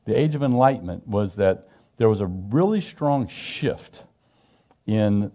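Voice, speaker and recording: Here a middle-aged man teaches scripture informally to a Bible study group in a low, mellow voice. He is animated and emphatic, chatting his way through explanations and posing questions to the group, with frequent restarts and repetitions.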